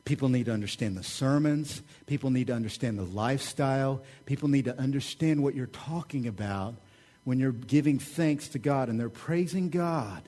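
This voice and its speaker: A man preaching a sermon with a Southern American accent, joking and animated, his voice swinging louder when he mocks others. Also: mid-range voice, moderate pace. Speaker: pastor. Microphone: website recording of a church service.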